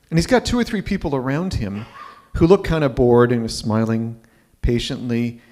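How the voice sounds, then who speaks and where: A man's voice: medium pitch, normal speed, a little mellow. A man in his fifties telling a personal story live on stage, conversational and checking in with the audience. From Ontario, Canada.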